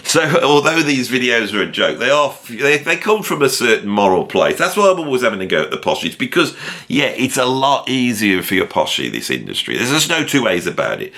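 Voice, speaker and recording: A man's voice: mid-range voice, big pitch swings, brisk, pushed and bright. A middle-aged man gives casual, opinionated commentary in a rambling way full of asides. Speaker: music commentator. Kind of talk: casual ranked-list commentary.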